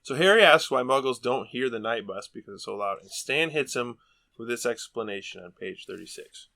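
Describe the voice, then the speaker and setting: A man's voice: mid-range voice, lively intonation, brisk, creaky, bright, forceful tone. A man hosting a casual book podcast, rambling and laughing a lot as he talks. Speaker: podcast host.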